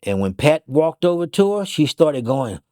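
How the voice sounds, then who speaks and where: A man recounting a personal story as an interview guest, animated and repetitive, acting out the quotes he tells. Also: a little high, moderate pace. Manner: animated, repeats phrases, acts out quotes. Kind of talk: emotional storytelling.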